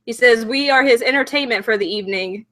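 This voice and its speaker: A woman's voice: a little high, fast, a bit bright. A young woman with a Southern US accent hosting a casual livestream chat, talkative and apologetic, with many "like"s. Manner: chatty, apologetic, lots of "like". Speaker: livestream host.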